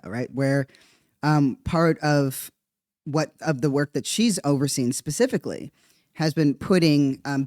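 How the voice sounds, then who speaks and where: A podcast host talking in a casual comedic monologue, animated and rambling, laughing often between asides. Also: medium pitch, no room sound, studio quality.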